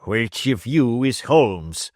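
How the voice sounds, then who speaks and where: A man's voice: medium pitch, animated, slow, a little mellow, dry recording, studio quality. A man voicing a fierce, menacing old man who blusters and snarls threats. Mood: angry.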